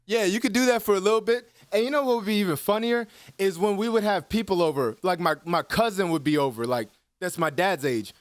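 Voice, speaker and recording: A man's voice: high-pitched, brisk, hardly any pauses. A man in his twenties, co-hosting a podcast, telling stories in casual chat with lots of laughter and swearing. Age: 20s. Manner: animated storyteller, laughs a lot, swears freely. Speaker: podcast co-host.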